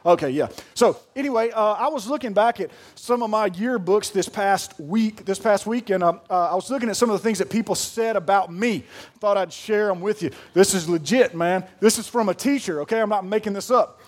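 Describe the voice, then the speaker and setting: A pastor in his thirties with a high, light voice. He preaches in a folksy, joking way and drops asides to the congregation as he tells his stories. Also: fairly quick. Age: 30s. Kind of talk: sermon.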